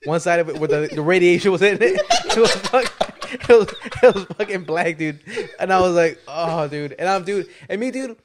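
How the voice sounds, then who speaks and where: A man co-hosting a podcast, telling a story in casual, animated chat full of swearing and "dude". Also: high-pitched, brisk, hardly any pauses, background noise. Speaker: podcast co-host.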